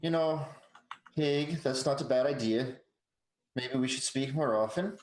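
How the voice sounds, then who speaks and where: A man's voice: medium pitch, a little slow, a little mellow, echoey room, lightly acted, rough recording. A man voicing a tall male druid with a put-on Swedish accent in a tabletop game. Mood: friendly.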